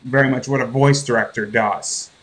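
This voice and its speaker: A man's voice: medium pitch, fairly even intonation, normal speed, a bit bright, breathy edge, poor audio. A man interviewing a guest, asking long winding questions with stammered repeats.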